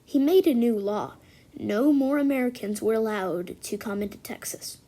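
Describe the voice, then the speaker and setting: A woman narrating a homemade stop-motion history movie in a lively way, switching between telling the story and speaking character lines. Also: a little high, normal speed.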